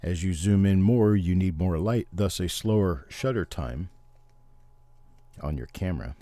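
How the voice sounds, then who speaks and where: A man's voice: low-pitched, a little slow, dark tone, no echo. A middle-aged man hosting a casual livestream, chatting and explaining things to his viewers. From Missouri, Oklahoma and Memphis, Tennessee. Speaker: livestream host.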